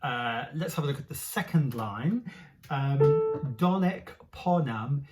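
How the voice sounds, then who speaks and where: Unhurried woman coaching a choir. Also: a bass voice, over loud music. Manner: chanting slow Latin demonstrations between quick, soft asides; encouraging, relaxed teacher. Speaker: choir leader. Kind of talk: choir rehearsal lesson.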